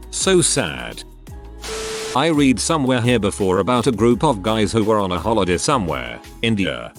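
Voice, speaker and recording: A man narrating a series of forum stories in a steady scripted reading. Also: on the low side.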